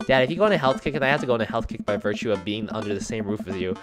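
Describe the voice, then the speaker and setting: A man voicing an excitable, cheerful teenage girl while reading game dialogue aloud. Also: fairly low pitch, very fast, music in the background, lightly acted. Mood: playful.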